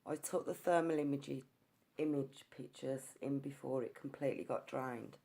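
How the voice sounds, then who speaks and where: A woman's voice: extremely low pitch, moderate pace, gravelly, warm tone. A woman narrating her ghost-hunting experience in an earnest, storytelling way, sometimes restarting her words. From England. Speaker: ghost hunter. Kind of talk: narrated ghost-hunt account.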